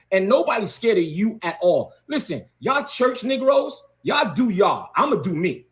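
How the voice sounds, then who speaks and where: A man, a bishop, delivering a heated, confrontational video rant and repeating words for emphasis. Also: high voice.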